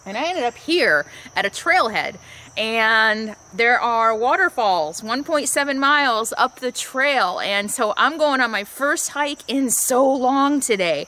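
A woman's voice: on the high side, lively intonation, measured pace, pushed and bright. A woman vlogging about her RV life at a trailhead, talking in a reflective, rambling way with restarts. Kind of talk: casual vlog monologue. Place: outdoors at a trailhead.

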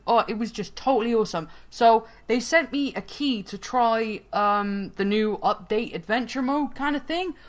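A woman hosting a gaming channel, giving excitable let's-play commentary, swearing freely and laughing often as she plays. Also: on the high side.

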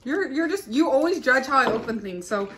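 A woman's voice: sits high, expressive, brisk, background noise. A woman tasting snacks in a casual chat, easygoing and giggly. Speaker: snack taster. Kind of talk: casual taste-test chat.

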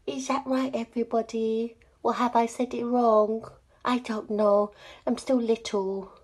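A woman's voice: on the high side, darkish tone, husky. A woman voicing a cheerful, curious little male toy friend in a children's alphabet sing-along, talking in a sing-song way and gasping with delight.

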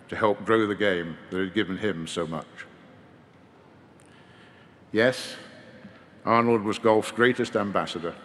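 A man delivering a formal memorial eulogy in a measured, gently wry manner at a podium microphone. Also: fairly low pitch, a little hiss or hum. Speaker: eulogy speaker. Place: large hall at a memorial service. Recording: long reverb of a large hall.

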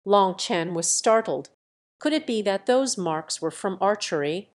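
Woman reading a web novel aloud, mid pitch, steady even narration. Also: measured pace. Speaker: audiobook narrator. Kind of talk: scripted narration.

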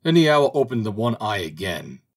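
Husky, expressive male storybook reader. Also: fairly low pitch, normal speed. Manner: expressive, dramatic reading. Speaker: audiobook reader. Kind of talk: storybook narration.

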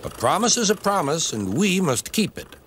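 A man plays a steady, sensible bus driver in a storybook. He sounds firm and reassuring, pitched above his own voice. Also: moderate pace, a little hiss or hum.

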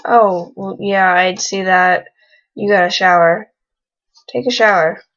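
A woman's voice: mid-range voice, steady tone, unhurried, a bit bright, highs cut off. A young woman casually commenting on a life-sim game she is playing and talking to its characters in a teasing way. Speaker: let's play gamer.

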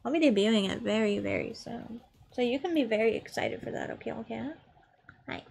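A woman's voice: fairly high pitch, fairly quick, vocal fry, a little mellow, a little hiss or hum. A young adult woman chatting casually on a live game stream, playful and chatty, swearing freely and coaxing her pet between rounds. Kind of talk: casual live-stream chat while gaming.

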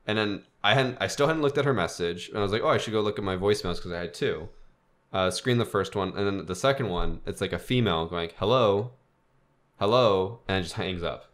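A man's voice: sits low, fast talker, a bit bright. A young man co-hosting a podcast, telling a rambling story with lots of fillers in casual chat. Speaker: podcast co-host.

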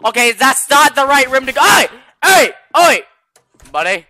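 A teenage boy plays a restaurant worker in a game, his high voice leaping around in pitch. He is playful and keeps breaking into shouts. The sound is dry and close. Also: moderate pace, dry recording. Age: teens. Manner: animated, bursts into shouting. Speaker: gamer playing a restaurant worker. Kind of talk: playful game role-play.

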